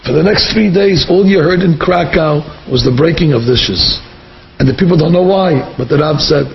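A man tells a religious story in a vivid, dramatic way, piling up short phrases. His voice is fairly high and gravelly. The recording is dull and lo-fi, with a faint hiss underneath. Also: moderate pace.

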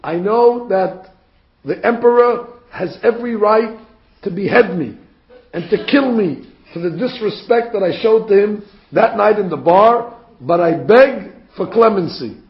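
Begging general, earnest and urgent, high-pitched plea, put on by a male storyteller; roomy, muffled room sound. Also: lively intonation, a little slow. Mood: pleading. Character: pleading military general, middle-aged man. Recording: roomy, dull recording.

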